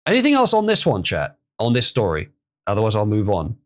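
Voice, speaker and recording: A man's voice: fairly low pitch, huge pitch swings, a little fast. A man hosting a livestream, chatting casually, reading chat messages and laughing often. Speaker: livestream host.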